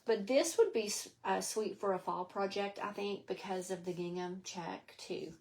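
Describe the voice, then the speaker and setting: A woman's voice: mid-range voice, moderate pace. A middle-aged woman hosting a live craft stream from home, chatty and rambling, slightly out of breath. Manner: chatty, rambling, greets viewers by name. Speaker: craft show host.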